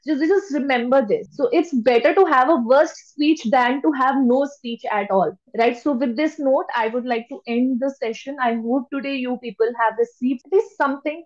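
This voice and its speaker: A woman giving a public speaking lecture, stressing key words by shifting her pitch. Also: normal speed, hardly any pauses, darkish tone, lo-fi sound. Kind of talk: lecture to an online audience.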